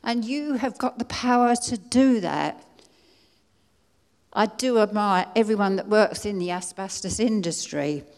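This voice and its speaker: A woman's voice: medium pitch, darkish tone. Older woman pleading in a reverberant hall. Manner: earnest, pleading, halting with restarts. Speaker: conference speaker. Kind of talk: personal testimony speech.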